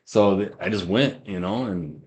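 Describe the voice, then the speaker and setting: A man with a fairly low voice tells his story in a loose, rambling way. He circles back over the same words and acts out the lines of the people in his story. It sounds like casual spoken testimony rather than a prepared speech. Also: normal speed, a little mellow. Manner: rambling storyteller who repeats himself and acts out quoted lines. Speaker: guest giving a faith testimony.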